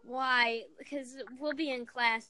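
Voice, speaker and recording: Animated high-voiced young woman chatting. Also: slow pace, low-quality recording. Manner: animated, filler-heavy rambling. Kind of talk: casual chat among friends.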